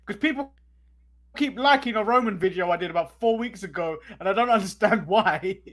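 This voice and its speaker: A man's voice: high voice, animated, a little fast, fairly bright tone. A young Englishman with an English accent, co-hosting a casual wrestling chat show and laughing often. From England. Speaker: podcast co-host.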